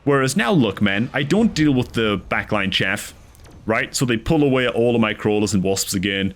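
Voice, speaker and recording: A man giving casual, animated commentary over his own strategy game match, chatty and frustrated at his misplays, dropping "dude" and "man" constantly. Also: fairly low pitch, moderate pace. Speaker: gameplay commentator.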